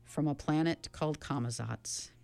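A woman's voice: sits low, gravelly, darkish tone, no echo, soft background music. A woman voicing a solemn older father. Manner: slow and distinct.

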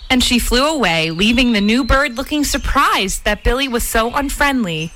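A woman narrating a children's storybook in an expressive, sing-song way. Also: a little high, moderate pace, few pauses, slight background noise, poor audio. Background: soft music.

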